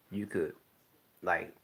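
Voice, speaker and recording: A man talking candidly in a laid-back, rambling monologue, clearing his throat often. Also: deep voice, pushed and bright. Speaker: vlogger. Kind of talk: casual monologue to camera. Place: home, smoking while talking.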